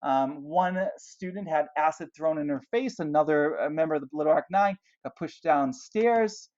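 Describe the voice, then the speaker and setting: A man's voice: on the high side, normal speed, darkish tone, lo-fi sound. A man teaching a history lesson, explaining events and asking rhetorical questions as he points out pictures. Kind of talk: classroom history lecture.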